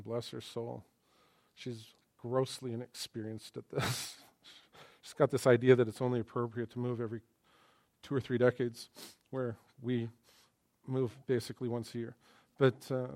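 A man preaching a sermon in church in a conversational, joking way, swinging between quiet asides and emphatic lines. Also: mid-range voice, gravelly. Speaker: pastor.

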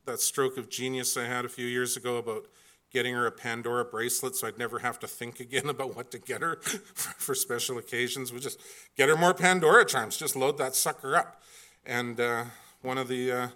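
A man's voice: medium pitch, pushed and bright. A middle-aged man telling a humorous family story, rambling with many fillers and restarts and poking fun at himself. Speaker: speaker.

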